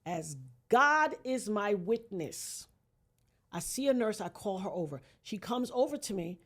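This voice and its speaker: A woman's voice: mid-range voice, big pitch swings, a little slow. Woman podcast guest, earnest, vivid storyteller, acts out quotes, mid voice. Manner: earnest, invokes God. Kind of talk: dramatic personal storytelling.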